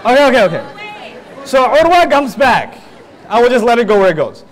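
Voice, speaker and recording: A man giving a religious lecture as a lively story, joking and laughing often. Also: very high-pitched, fairly quick, a faint crowd, slight background noise. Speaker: Islamic lecturer.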